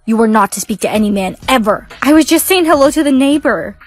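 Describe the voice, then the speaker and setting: A synthetic woman's voice reading side characters in short POV skits with a flat, machine-like delivery. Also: on the high side, a little fast. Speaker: text-to-speech storyteller. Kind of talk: text-to-speech POV skit narration.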